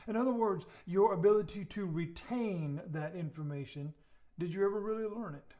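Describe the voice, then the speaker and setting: Earnest man preaching a teaching lesson, higher-pitched, repeats words, softens to make a point. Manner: earnest, repeats words, drops to soft emphasis. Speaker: pastor. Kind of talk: sermon teaching.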